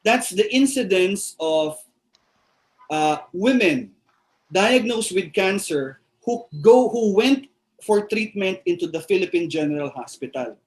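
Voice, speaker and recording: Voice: mid-range voice, animated, unhurried, low-quality recording. A radiation oncologist with a Filipino accent giving an emphatic webinar health lecture, full of rhetorical questions and the tag "no?".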